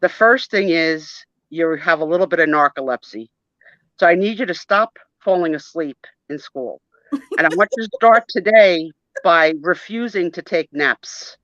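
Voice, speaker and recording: Woman putting on a bossy schoolgirl, high, lively pitch, dry lo-fi audio. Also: moderate pace, dry recording. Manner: bossy and gushing, high and emphatic. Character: bossy, doting schoolgirl who orders classmates around.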